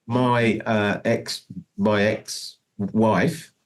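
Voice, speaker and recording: Guy, deep-ish voice, middle-aged, rambly storyteller who keeps saying do you know what i mean. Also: steady tone, extremely slow. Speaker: guest musician. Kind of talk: casual storytelling interview.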